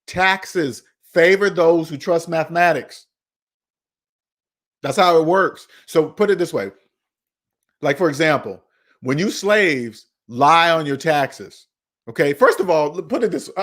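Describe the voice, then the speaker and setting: Emphatic, preachy finance man. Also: a little high. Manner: preachy, repetitive, emphatic, scolding. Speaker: personal finance channel host. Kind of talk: emphatic monologue.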